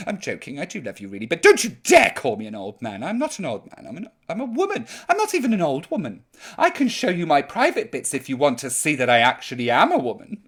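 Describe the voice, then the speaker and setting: A man hosting a live chat show as a drag grandma persona, reading viewer comments in a camp, theatrical, mock-offended and bawdy way. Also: a little high.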